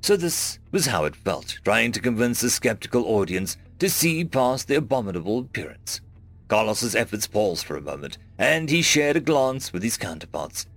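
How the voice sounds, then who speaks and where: A man narrating a first-person science fiction story in a measured storytelling manner. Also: lowish voice, sing-song, creaky, a bit bright. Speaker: audiobook narrator. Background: faint background music.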